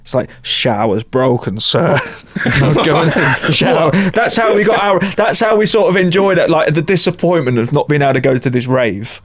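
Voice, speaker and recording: A man's voice: a little high, animated, brisk, few pauses, no room sound. A man, a session musician guest, telling anecdotes in casual podcast chat, laughing often and acting out other people's lines.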